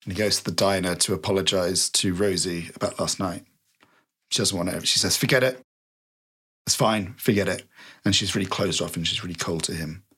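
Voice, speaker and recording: A low-voiced man tells his film pitch scene by scene, his voice a little husky and rough at the edges. He slips into the characters' lines for a moment, then carries on with the story in easy podcast chat. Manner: animated storyteller, acts out lines in quick bits.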